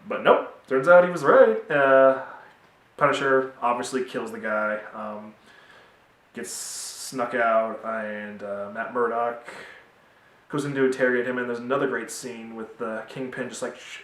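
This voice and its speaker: A man's voice: medium pitch, a little slow, fairly bright tone, distant mic. A young man giving a casual, rambling TV review with many fillers, recorded at home in a roomy space away from the mic. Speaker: TV show reviewer.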